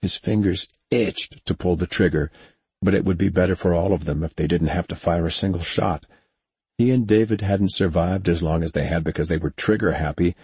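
A man narrating an audiobook in an even, unhurried storytelling manner. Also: deep voice, husky, no echo.

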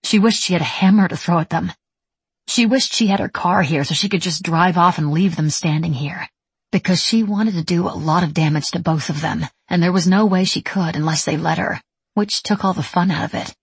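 Husky, breathy woman narrator. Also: fairly low pitch, fairly quick, no echo. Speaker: audiobook narrator. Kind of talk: scripted narration.

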